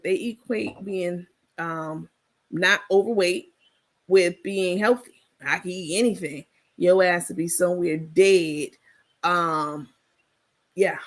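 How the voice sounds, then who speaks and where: Gravelly, husky woman on a livestream. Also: lowish voice. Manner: blunt, sassy and profane, laughing often. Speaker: livestream host. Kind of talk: casual livestream commentary.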